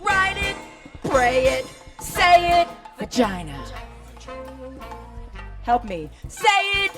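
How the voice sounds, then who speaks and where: Woman doing a slow spoken word chant, call and response, music playing behind her. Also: wildly swooping pitch, a bit bright. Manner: rhythmic call-and-response, swinging between sung highs and murmured lows. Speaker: performer.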